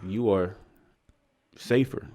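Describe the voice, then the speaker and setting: A man's voice: lowish voice, takes it slowly. A young man from Virginia telling a story on a podcast, acting out the voices of the people in it. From Virginia, USA. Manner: animated storyteller, acts out quoted voices. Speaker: podcast co-host. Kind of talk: casual storytelling chat.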